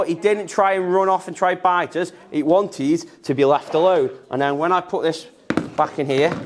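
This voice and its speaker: A young man giving an enthusiastic, repetitive live talk about snakes while handling animals in a museum room. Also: on the high side. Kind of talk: live educational talk to children.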